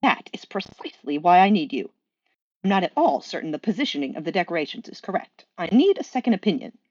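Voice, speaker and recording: A woman voicing a fussy, cheerful male angel who talks in a prim, old-fashioned, excited way. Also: on the low side, fast talker, no echo, highs cut off. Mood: insistent.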